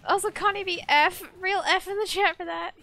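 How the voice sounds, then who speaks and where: A young woman streaming a game live, chatting casually and excitably, laughing and shrieking at the action. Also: very high voice, a little fast.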